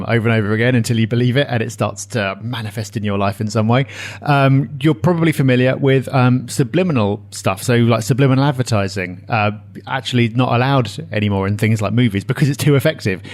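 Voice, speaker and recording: A man's voice: medium pitch, a little mellow. A man co-hosting a property podcast, chatting casually and enthusiastically with frequent fillers. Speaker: podcast co-host. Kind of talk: casual chat.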